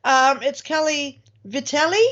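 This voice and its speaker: High-voiced Australian woman hosting a chat. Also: a little slow, fairly bright tone, highs cut off. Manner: chatty, exclaiming often. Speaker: show host. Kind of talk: casual chat over a video call.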